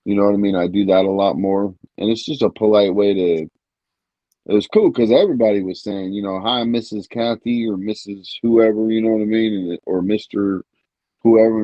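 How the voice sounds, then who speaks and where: A relaxed man rambling on a casual livestream panel. His voice is lowish. The audio is dry and slightly muffled. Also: moderate pace, no room sound. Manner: rambling, relaxed, many fillers. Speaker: panel guest.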